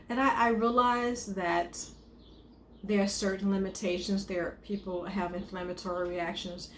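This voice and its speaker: A woman of middle pitch talks through her eating habits in a coaching tone, circling back to rephrase each point. Her voice rings in a roomy space. A faint hiss sits under it. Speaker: wellness coach and chef. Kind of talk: casual advice to camera. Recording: echoey room with faint noise.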